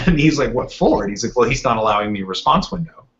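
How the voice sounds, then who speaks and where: A man's voice: mid-range voice, animated, fast, bright, forceful tone. A man co-hosting a gaming podcast, telling long rambling anecdotes and acting out what people said. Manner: rambling anecdotes with acted-out quotes. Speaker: podcast co-host. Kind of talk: casual storytelling chat. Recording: muffled lo-fi podcast audio.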